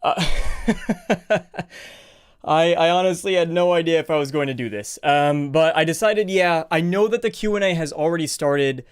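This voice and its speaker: A male streamer talking casually into a desk mic, a touch out of breath. His voice sits somewhat high for a man and comes through smooth and clear. He rambles warmly through greetings and setup. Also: normal speed. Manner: chatty, rambling, greets viewers by name. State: a little out of breath. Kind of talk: casual live stream chat.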